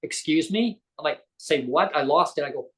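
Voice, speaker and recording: A man's voice: a little high, animated, normal speed, fairly bright tone, rough recording. A man, a guest on a live interview show, tells a personal story in a rambling way, often correcting himself and acting out quoted dialogue.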